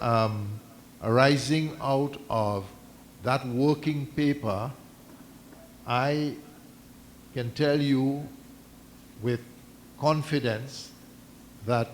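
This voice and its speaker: A man speaking formally at a community meeting, measured and deliberate, stopping and restarting as he reads out a document. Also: medium pitch, a little hiss or hum. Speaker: mosque community representative addressing a meeting. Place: islamic centre meeting hall.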